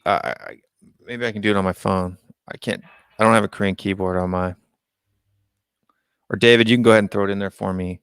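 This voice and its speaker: A man's voice: fairly low pitch, steady tone, a little fast, creaky, long pauses, fairly bright tone, smooth, no room sound, clean studio sound. An American man hosting a casual live-stream call-in show, reading out viewer comments and musing on them aloud. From United States.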